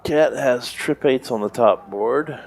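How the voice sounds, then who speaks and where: A man calling poker hands live in a relaxed, conversational play-by-play. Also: medium pitch, slow, vocal fry. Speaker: poker stream commentator.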